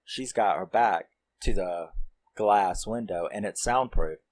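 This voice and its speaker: A man's voice: low-pitched, slow, a little mellow, poor audio. A man reviewing a film, recapping the plot in a rambling, casual way with lots of fillers and some swearing.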